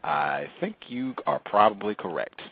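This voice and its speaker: A man hosting a call-in radio show, speaking deliberately and lecturing on the meaning of terms. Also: mid-range voice, expressive, creaky, narrow, tinny audio, slight background noise.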